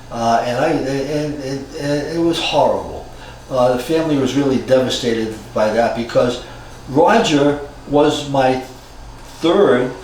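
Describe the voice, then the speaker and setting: A man in his sixties from Cambridge, Massachusetts, telling a personal story in a reflective, halting way with frequent restarts. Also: mid-range voice, a little mellow. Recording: very echoey room from far off, faint noise.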